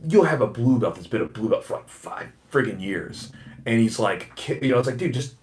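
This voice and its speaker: A man with a faint Southern US accent, hosting a casual podcast chat, talking fast with many fillers and restarts. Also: medium pitch, expressive, a little hiss or hum. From American South. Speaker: podcast host and jiu-jitsu instructor.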